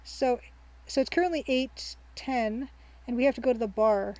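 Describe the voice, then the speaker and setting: A woman with a fairly high voice narrates her gameplay on stream in casual let's-play style, drifting from thought to thought with ums and restarts. Cheerful and quick to laugh, she speaks at a moderate pace with a somewhat dark tone, over poor audio.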